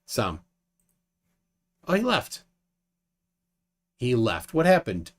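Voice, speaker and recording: Guy hosting a live stream, rambly and halting, voice jumps all over in pitch. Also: sing-song. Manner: rambling, halting with restarts and fillers. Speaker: livestream host. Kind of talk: casual live debate stream.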